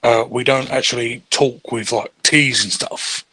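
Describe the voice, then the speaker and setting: A man's voice: mid-range voice, steady tone, a little slow, a crowd in the background. English man, tabletop player on break, rambling joker, mid-range voice. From England. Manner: joking, rambling and laughing at his own lines. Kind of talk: casual chat during a streamed game break.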